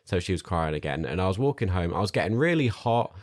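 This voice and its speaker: Podcast co-host, man, lowish voice, rambling self-mocking storyteller. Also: big pitch swings, quick pace. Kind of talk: casual storytelling chat.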